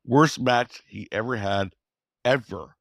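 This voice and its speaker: A man's voice: mid-range voice, slow pace, gravelly, dry recording, studio quality. A man telling stories in an interview, acting out the lines of people he quotes. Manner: animated storyteller, acts out quotes. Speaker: former wrestling promoter, interview guest. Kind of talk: storytelling interview.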